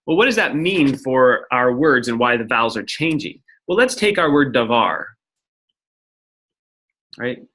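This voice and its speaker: A man's voice: medium pitch, very animated, a little slow, pauses often, sharp tone. A man teaching a lecture-style lesson, explaining step by step and often checking in with "right?". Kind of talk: recorded lecture at a whiteboard.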